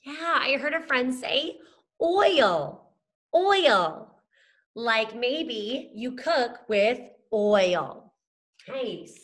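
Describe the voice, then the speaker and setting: A woman's voice: on the high side, drawn-out words, a bit bright. A woman teacher leading a phonics lesson for young children, chanting letters and sounds and praising the class. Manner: sing-song chanting of letters and sounds, encouraging.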